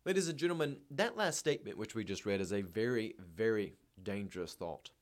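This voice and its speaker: Earnest man reading and lecturing. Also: medium pitch. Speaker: reader and commentator. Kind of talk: reading a novel aloud with commentary.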